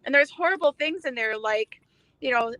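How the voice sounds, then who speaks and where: A woman with a bright, slightly high voice speaks in a relaxed back-and-forth. She agrees readily and adds her own points between quick affirmations, recorded dry and close. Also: dry recording. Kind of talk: casual conversation.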